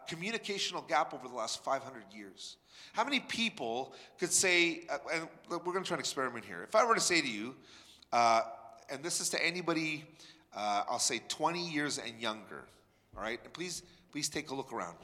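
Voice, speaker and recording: A man's voice: fairly high pitch, pushed and bright. A man from Canada preaching a sermon, talking conversationally and addressing the congregation directly. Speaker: pastor. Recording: echoey hall with long reverb.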